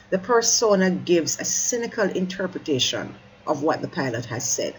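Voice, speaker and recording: Exam-prep teacher voice, middle pitch, methodical line-by-line talk with quick "sorry" corrections, over a faint background hiss. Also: sing-song, rough recording. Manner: stops to correct slips, apologizing mid-sentence; urges listeners to keep up. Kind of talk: explaining a poem line by line.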